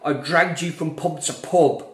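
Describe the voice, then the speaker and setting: A man's voice: a little high, measured pace. A man hosting a live beer review in casual chat, telling stories with chatty, exasperated banter. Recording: roomy echo.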